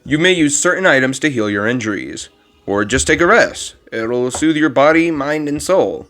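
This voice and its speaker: A man putting on a gentle old monster caretaker, rambling and formal. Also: medium pitch, animated, moderate pace, voice pushed up, natural voice. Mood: kindly. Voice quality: strained put-on voice. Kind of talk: reading game dialogue aloud.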